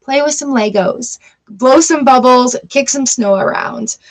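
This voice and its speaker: A woman giving a live-streamed tarot reading, chatty and encouraging, slipping into quick little inner voices to make her points. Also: high-pitched, poor audio. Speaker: tarot reader.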